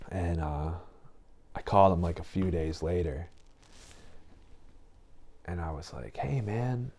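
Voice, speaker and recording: This low-pitched man speaks at a measured pace with a dark tone and fairly even intonation. As a podcast guest in a casual chat, he tells a loose, wandering story, acting out other people's lines as he retells it. He keeps dropping "you know" and "right?"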